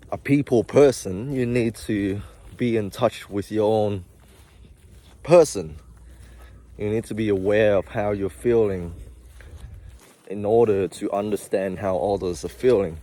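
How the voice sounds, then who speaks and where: A man's voice: lowish voice, slow pace, pauses often, warm tone. A young man who works in healthcare, talking casually and confessionally to his viewers while out of breath, rambling with frequent asides. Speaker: vlogger, healthcare worker. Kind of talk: casual talking-to-camera vlog.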